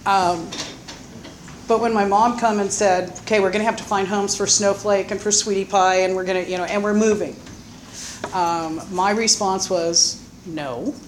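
Halting Southern woman telling her story. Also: medium pitch, flat delivery, slight background noise. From Florida, US. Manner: halting, with many pauses and fillers. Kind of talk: personal life story, told unscripted.

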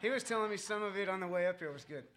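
At a recovery meeting, a man tells the group his own story, rambling and poking fun at himself with lots of fillers and chuckles. His high voice is expressive and racing, and the recording is very noisy.

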